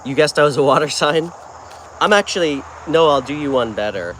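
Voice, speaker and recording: His fairly high voice is animated, brisk, and a bit bright, with a touch of hiss or hum in the audio. He's a man from New York hosting a laid-back live tarot stream, responding to viewer comments in a warm, talkative manner.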